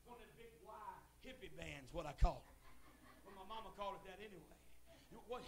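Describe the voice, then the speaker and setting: A middle-aged man preaching a revival sermon in a church, moving from relaxed storytelling to shouted, fervent calls. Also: high-pitched, fast. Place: church sanctuary.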